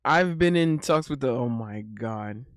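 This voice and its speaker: A man's voice: mid-range voice, expressive, unhurried, no room sound, clean studio sound. A man streaming live, bantering casually with his chat, often exclaiming in disbelief and breaking into laughter.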